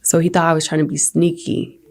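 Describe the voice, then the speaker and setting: A woman's voice: low-pitched, flat delivery, fairly quick, creaky. A woman being interviewed, telling her story hesitantly with many fillers. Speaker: interview subject recounting an experience. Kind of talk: recorded interview.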